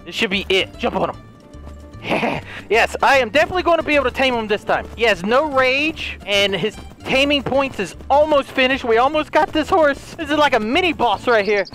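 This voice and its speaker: High, lively, excitable gaming guy. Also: moderate pace, soft background music. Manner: excitable, playful, swears casually. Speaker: gaming YouTuber. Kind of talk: solo gameplay commentary.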